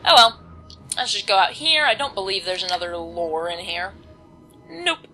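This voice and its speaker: A woman's voice: mid-range voice, animated, moderate pace, sharp tone, soft background music, poor audio. A teenage girl giving casual, rambling commentary on a video game she is playing, with lots of filler words. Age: teens. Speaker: let's play commentator. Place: home, volume kept low.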